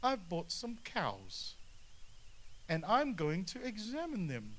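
A man's voice: sits high, wildly swooping pitch, takes it slowly, a bit bright, full character voice. A man mumbling as a self-absorbed excuse-maker. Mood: sulky.

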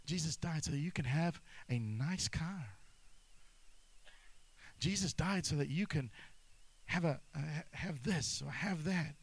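Emphatic pastor preaching. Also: male voice, a little high, animated, slow pace, pauses often, breathy edge, poor audio. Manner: emphatic, repeats key phrases, mixes humor with intensity. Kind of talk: sermon.

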